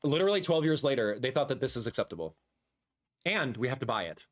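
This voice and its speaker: A man in his thirties, a gaming content creator, giving excitable, ranting livestream reaction commentary. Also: medium pitch, fast talker.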